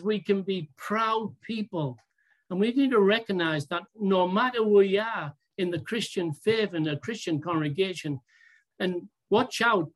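A preacher delivering a sermon in a deliberate, emphatic way, asking rhetorical questions and drawing out key words. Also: mid-range voice.

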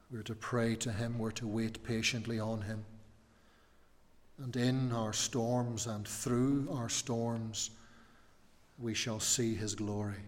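A male pastor preaching a sermon in an earnest way, rising to emphatic questions and dropping soft. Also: on the low side. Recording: long reverb of a church hall.

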